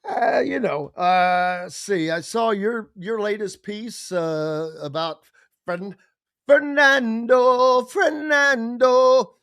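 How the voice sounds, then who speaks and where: A man's voice: sits high, takes it slowly, vocal fry, few pauses, clear, resonant tone, no echo, clean studio sound. A man hosting a sports radio show, chatting casually and animatedly and slipping into voices and impressions. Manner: animated, does voices and impressions while talking.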